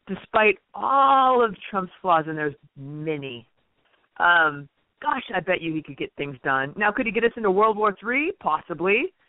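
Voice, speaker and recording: A woman's voice: lowish voice, no room sound. A woman talking politics on the radio as a guest, chatty and full of fillers, then turning indignant. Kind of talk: conversational political talk. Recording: tinny phone-line sound.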